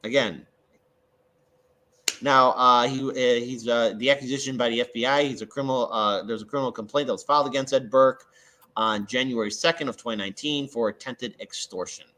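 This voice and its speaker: A man from Chicago talking through local politics in a casual, halting way, with many fillers and restarts. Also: mid-range voice, fairly even intonation, sharp tone, low-quality recording. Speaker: guest commentator. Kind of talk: casual political talk over a call.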